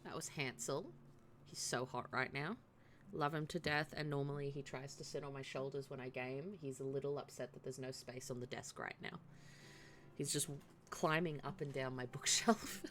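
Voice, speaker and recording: A woman's voice: extremely low pitch, steady tone, normal speed, fairly bright tone, a little hiss or hum. A woman live-streaming a game, chatting casually and thinking aloud in a chatty, self-deprecating way. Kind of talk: casual gaming stream chat.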